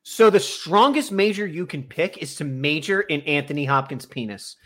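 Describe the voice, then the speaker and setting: High-voiced man, deadpan absurd jokes. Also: moderate pace. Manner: deadpan absurd joking, profane. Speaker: podcast co-host. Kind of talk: casual comedic chat.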